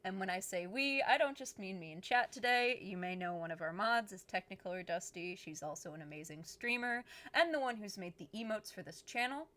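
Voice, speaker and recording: A woman's voice: medium pitch, animated, a little fast, hardly any pauses, sharp tone. A woman hosting a live game stream, chatting casually with viewers, laughing often, and explaining the game as she goes. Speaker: streamer host. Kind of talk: casual live-stream chat while gaming.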